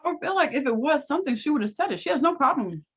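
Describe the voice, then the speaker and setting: A woman's voice: high-pitched, sing-song, fairly bright tone. Sassy woman on a dull lo-fi mic. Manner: quick reactions and sassy asides. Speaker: co-host of a TV recap show. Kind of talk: casual recap chat.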